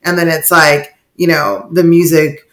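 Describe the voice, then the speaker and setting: A woman's voice: sits low, level tone, measured pace, fairly bright tone, rough recording. A woman co-hosting a podcast in casual, emphatic chat, often slipping into mocking quoted asides. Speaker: podcast co-host.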